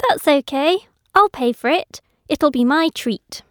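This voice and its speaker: A woman's voice: high voice, measured pace, no room sound, clean studio sound. A woman reading the lines of a friendly young woman in scripted exam dialogues, speaking carefully. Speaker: dialogue actor in a listening exam.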